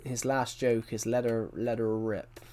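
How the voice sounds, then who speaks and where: A man's voice: mid-range voice, flat delivery, measured pace, mellow. A man livestreaming a game, telling stories in a rambling casual chat and often correcting himself mid-sentence. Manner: rambling storyteller, frequent self-corrections.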